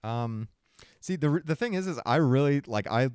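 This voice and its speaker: A man's voice: mid-range voice, animated, normal speed, darkish tone, clean tone, dry recording, clean studio sound. A young man co-hosting a podcast in casual chat, playful and joking, often slipping into silly character voices. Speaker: podcast co-host.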